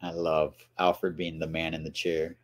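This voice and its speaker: A man's voice: rumbling low, completely flat delivery, unhurried. A man hosting a movie watchalong, casually commenting on scenes, laughing often and playfully quoting the characters.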